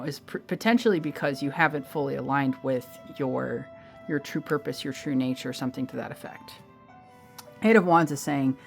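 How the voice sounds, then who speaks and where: A woman's voice: low voice, a bit bright. A woman giving a casual pick-a-card tarot reading, chatting directly to her viewers and calling them babe. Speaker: tarot reader.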